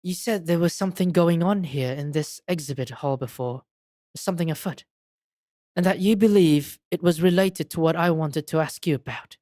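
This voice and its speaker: Woman doing an earnest young man, lowered voice. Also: moderate pace, warm tone, dry recording, studio quality, natural voice. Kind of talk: reading game dialogue aloud.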